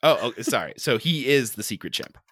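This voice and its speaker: A man's voice: medium pitch, sing-song, brisk, a bit bright, slightly rough, no room sound, studio quality. A man who produces a podcast and plays along in a casual game, teasing the host and laughing. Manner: teasing, laughs, rambles through restarts.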